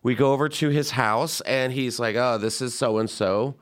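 A young man hosting a podcast, telling a story in an animated, chatty way and acting out the voices of people he quotes. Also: mid-range voice, clear, resonant tone. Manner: animated, quick asides, acts out quoted voices. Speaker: podcast host. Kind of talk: casual storytelling chat.

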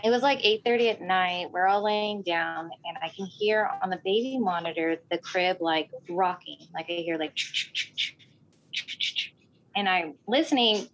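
Animated woman telling a story. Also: fairly low pitch, lo-fi sound, slight background noise. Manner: animated, acts out voices in quotes, fills with "like". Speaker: guest telling a personal ghost story. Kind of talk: casual spoken storytelling.

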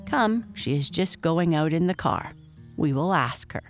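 Woman doing a soft cautious nanny, calm and kindly. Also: sits low, a little slow, soft background music. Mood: gentle. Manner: gentle, cautioning. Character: gentle careful young maid.

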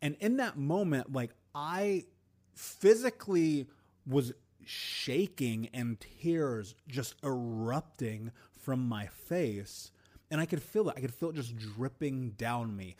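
A man hosting a podcast and telling a personal story in an earnest, emotional way, with deliberate pauses. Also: mid-range voice, a little mellow. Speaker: podcast host.

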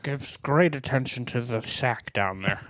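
A drawling elderly statesman, as a man puts him on in a podcast chat. The voice sinks low and quiet and crawls along, each word stretched out lazily. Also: unhurried, no room sound, close to an everyday voice. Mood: smug. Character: impression of an elderly male politician, slow and gravelly.

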